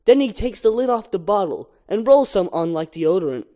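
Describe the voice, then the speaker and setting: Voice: medium pitch, a little fast. A reader reading a film script aloud, reciting stage directions and scene headings. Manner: flat stage-direction reading, lively swings.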